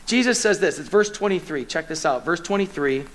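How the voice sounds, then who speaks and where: Middle-aged male pastor, lively sermon voice that acts out scenes, pitched high. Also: fairly quick, a little hiss or hum, poor audio. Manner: animated, acts out scripture scenes with pleading urgency. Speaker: lead pastor.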